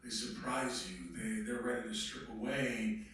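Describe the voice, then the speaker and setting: A man's voice: mid-range voice, flat delivery, normal speed, a bit bright, a little hiss or hum. A man, an actor, speaking emphatically and conversationally to a workshop audience. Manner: emphatic, conversational, slips into mock voices. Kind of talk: animated talk to a live audience. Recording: echoey room, voice from a distance.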